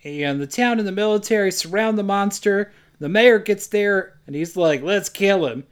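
A man co-hosting a casual comedy podcast, recapping a film plot with sarcastic asides and quick jokey quotes. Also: high voice, clean tone. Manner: sarcastic, quick asides, acts out lines in silly voices.

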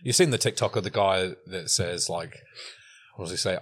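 A man's voice: low-pitched, fairly quick, fairly bright tone, breathy edge. A man co-hosting a podcast, chatting casually with sweary, dry banter. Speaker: podcast co-host. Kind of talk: casual chat.

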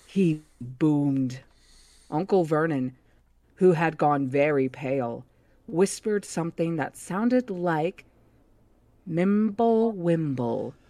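A woman's voice: sits low, expressive, slow pace, mellow, no echo. A woman hosting a book club podcast, reading a novel aloud steadily and correcting her own slips. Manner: reads steadily, with slips she corrects herself.

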